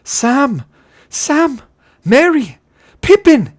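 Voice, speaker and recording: A man voicing a frightened young male hobbit lost in fog, calling out in a high, strained shout. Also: very animated, very slow, full character voice. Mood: panicked.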